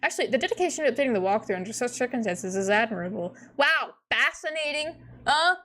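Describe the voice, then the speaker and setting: A woman's voice: a little high, quick pace. Giggly woman reading aloud. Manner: giggly, excitable, swears casually. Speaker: host reading a webcomic aloud. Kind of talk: casual reading and commentary.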